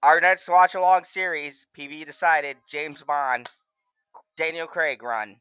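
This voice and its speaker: Man, watch-along host, bright forceful voice, a bit high, excitable, lots of swearing, dry lo-fi sound. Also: measured pace, smooth, dry recording. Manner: excitable, gushing and heavily profane. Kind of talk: casual chat.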